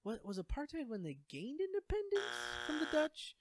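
A man's voice: very high-pitched, huge pitch swings, normal speed, no echo. A young man co-hosting a podcast in casual chat, rambling and joking with plenty of swearing. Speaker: podcast co-host.

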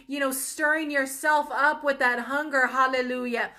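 A woman's voice: sits high, level tone, moderate pace, pushed and bright. A young woman hosting a faith talk, sharing an earnest, emotional personal testimony and calling her viewers "you guys". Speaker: ministry host.

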